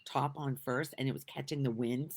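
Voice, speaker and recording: A woman's voice: very deep voice, fairly even intonation, normal speed, slight background noise. A middle-aged woman vlogger telling a rambling, laugh-filled story in a casual, chatty way. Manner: rambling, laughing, lots of restarts.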